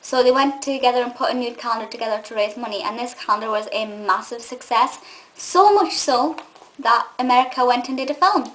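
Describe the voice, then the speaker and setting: A woman's voice: a little high, brisk, a bit bright, poor audio. A young Scottish woman giving a gushing, chatty film review full of fillers and restarts. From Scotland. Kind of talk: casual film review monologue.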